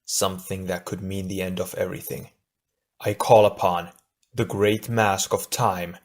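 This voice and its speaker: A man playing a grim, resolute fire warrior in an audiobook. The voice is low and solemn, the words measured and heavy. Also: fairly even intonation. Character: male fire hero leader, grim and resolute.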